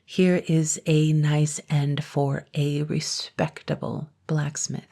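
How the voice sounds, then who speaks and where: A woman's voice: deep voice, lively intonation, moderate pace, a little mellow, breathy edge, full character voice. A woman voicing a frightened blacksmith who stammers and trembles, yet stays polite. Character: timid grown man, a fearful blacksmith.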